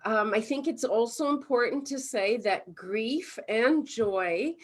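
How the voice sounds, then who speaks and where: A woman's voice: on the high side, takes it slowly. A woman from Canada, a mindfulness coach, chatting casually as an interview guest, laughing often and acting out everyday scenes. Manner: animated storytelling, acts out little scenes.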